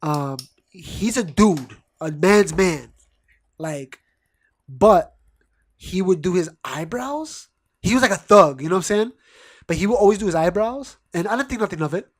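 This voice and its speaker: Chatty man with a slightly high voice. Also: expressive, unhurried. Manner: loose storytelling, acts out quotes in silly voices; laughs often. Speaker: podcast co-host. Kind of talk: casual chat. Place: home basement studio.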